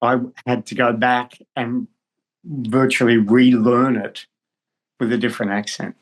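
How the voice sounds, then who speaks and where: An older man, a guest actor, spinning a long anecdote with halting restarts. He talks in a relaxed, conversational way and comes through on a video call. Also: mid-range voice, rough recording. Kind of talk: storytelling in conversation.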